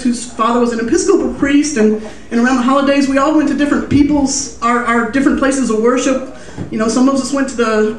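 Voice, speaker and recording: A woman's voice: on the high side, distant mic, a little hiss or hum. A chatty woman telling a personal story on stage at a small music venue, loose and self-amused with lots of fillers. Her voice reaches the mic from well back, washed in the room's echo, with a faint murmur of the place behind her. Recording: roomy live room heard from afar.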